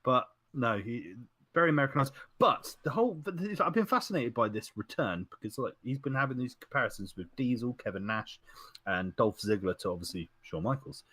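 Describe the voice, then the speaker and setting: A man's voice: mid-range voice, big pitch swings, fairly quick, sharp tone, slightly rough, no room sound. A man co-hosting a casual podcast, rambling and digressing, often laughing. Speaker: podcast co-host. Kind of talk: casual chat.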